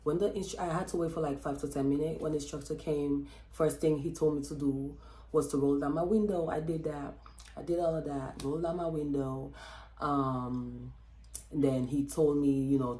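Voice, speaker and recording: A woman vlogger telling a personal story in a chatty, expressive way, with lots of fillers and acted-out quotes. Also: rumbling low, reverberant, slight background noise. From Texas. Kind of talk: casual storytelling vlog.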